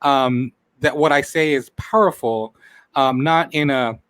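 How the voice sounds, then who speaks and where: A man's voice: mid-range voice, a little slow, fairly bright tone, clear, resonant tone, no room sound. A man hosting a live talk show, speaking with heartfelt emotion and saying he is close to tears. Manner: heartfelt, repeats phrases, says he is near tears. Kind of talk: emotional live-stream chat.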